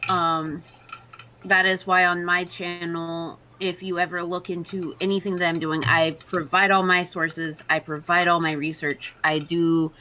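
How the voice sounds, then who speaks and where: A woman's voice: on the low side, flat delivery, measured pace, sharp tone, a little hiss or hum. A woman hosting a podcast, talking in an earnest, outspoken way. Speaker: podcast host. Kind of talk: casual chat.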